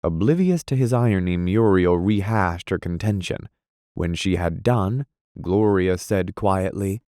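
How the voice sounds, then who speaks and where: A man narrating a classic novel as an audiobook reader, even and unhurried. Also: low-pitched, dry recording, clean studio sound. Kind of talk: scripted narration.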